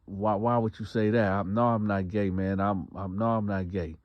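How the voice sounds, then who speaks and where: A man's voice: on the low side, fairly even intonation, moderate pace, dry recording, natural voice. A man voicing a nervous, evasive male prison cellmate who stammers defensively. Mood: flustered. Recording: dull lo-fi dry recording.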